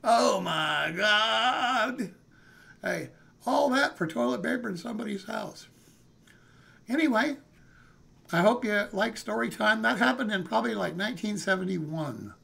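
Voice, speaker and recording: Folksy older man, gravelly and high. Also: lively intonation, moderate pace, fairly bright tone. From California, USA. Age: 60s. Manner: folksy, rambling, calls listeners "man" and "hey". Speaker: live streamer. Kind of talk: casual storytelling.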